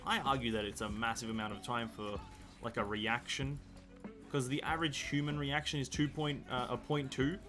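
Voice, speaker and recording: A man's voice: medium pitch, a bit bright. Rambling man streaming games. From Australia. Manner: rambling, restarts and corrects himself, reads chat aloud. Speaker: gaming streamer. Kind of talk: casual live-stream chat.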